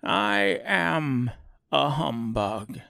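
A man's voice: a little high, very animated, extremely slow, vocal fry, no room sound, studio quality, voice pushed up, heavily acted. A man voicing a timid little old man posing as a great wizard, speaking meekly in a trembling voice. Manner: trembling, meek, pleading.

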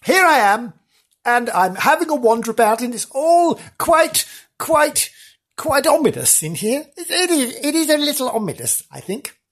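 Dithery middle-aged lady reporter, jumpy, husky, sing-song pitch, put on by a man, comic podcast sketch. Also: big pitch swings, fairly quick, a bit bright, heavily acted. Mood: jittery. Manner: dithery, fussy, easily spooked. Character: nervous middle-aged woman ghost-hunting reporter.

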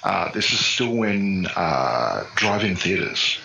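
A man's voice: deep voice, big pitch swings, takes it slowly, gravelly, bright, forceful tone, muffled recording. A man in his fifties with an Australian accent, a podcast guest telling stories in casual chat. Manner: chatty storyteller. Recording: echoey room with faint noise.

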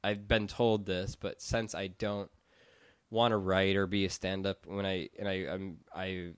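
Young male podcast founder, smooth resonant voice, loose filler-heavy rambling. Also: deep voice, little pitch movement, unhurried, no room sound, studio quality. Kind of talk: casual podcast chat.

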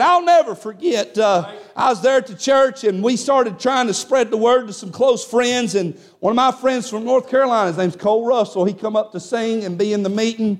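A man preaching, his voice pitched high for a man. He tells a personal story and punctuates it with frequent amens. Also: a little mellow. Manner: folksy Southern storytelling with frequent "amen". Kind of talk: sermon.

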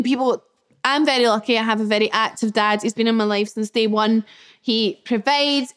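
A young woman hosting her own podcast from her flat, chatting candidly, swearing casually, and reacting to listener comments she reads aloud. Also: a little high. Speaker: podcast host. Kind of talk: casual solo podcast chat.

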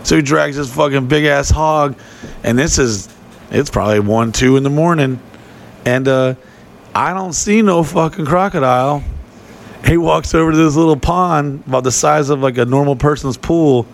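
A man's voice: a little high, moderate pace, gravelly. Profane rambling storyteller man. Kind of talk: casual podcast chat.

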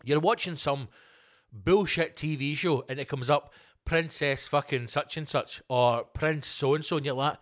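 A man hosting a solo podcast, ranting with heavy swearing and sarcasm, jumping between loud outbursts and low muttered asides. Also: fairly even intonation, normal speed. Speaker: podcast host.

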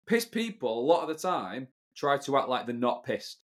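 A man's voice: medium pitch, very animated, normal speed. A man with a British accent co-hosting a podcast, chatting casually, opinionated and swearing freely. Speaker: podcast co-host. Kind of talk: casual chat.

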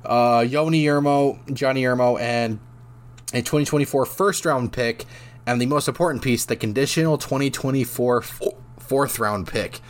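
A man's voice: mid-range voice, moderate pace. Guy w hiccups rambling thru hockey talk on his podcast, lots of ums and restarts. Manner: casual, rambling, many fillers and restarts. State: has the hiccups. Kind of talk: solo sports podcast talk.

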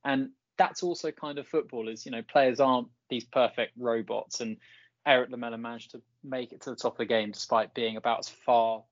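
A man's voice: medium pitch, fairly even intonation, brisk, no echo, lo-fi sound. Chatty man on a podcast. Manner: chatty, many fillers and restarts. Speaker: podcast co-host. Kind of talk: casual football chat.

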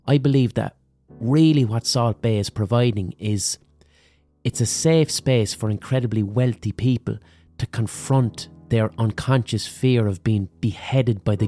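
A man hosting a podcast, delivering a comic hot-take monologue in a wry, deadpan storytelling manner. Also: mid-range voice. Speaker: podcast host.

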